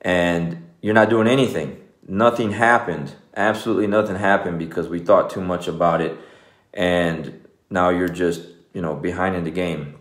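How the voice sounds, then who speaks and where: Deep-voiced man, echoey room. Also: steady tone, normal speed. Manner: loose and conversational, full of "man" and "you know". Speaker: jiu-jitsu coach. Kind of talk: casual motivational talk.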